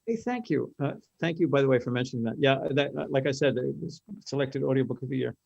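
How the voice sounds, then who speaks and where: An older man, a guest actor and audiobook narrator, talking casually in a halting, self-deprecating way that trails off softly. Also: mid-range voice, vocal fry, lo-fi sound. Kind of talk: casual chat.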